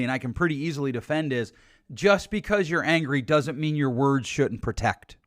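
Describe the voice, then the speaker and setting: A man's voice: fairly high pitch, no room sound, studio quality. A middle-aged man hosting a solo relationship advice podcast, blunt and emphatic as he urges listeners to change. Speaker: podcast host.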